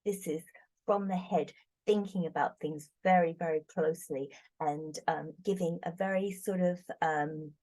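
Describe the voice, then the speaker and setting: A middle-aged British woman with a deep, dark, steady voice speaks at a moderate pace. She's a tarot reader hosting a casual chat on her channel, chatty, giggly, and full of exclamations.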